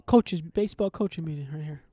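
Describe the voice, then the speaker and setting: Quick-talking young man with short teasing replies. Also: on the high side, dark tone. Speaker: podcast producer. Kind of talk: casual podcast banter. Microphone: headphones and microphone.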